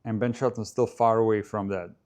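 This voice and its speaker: This male host talks through a tennis match on his live stream in a relaxed, chatty way, pausing to reply to viewers and test name pronunciations. He has a fairly low, steady voice that's a little mellow, and he speaks a bit quickly.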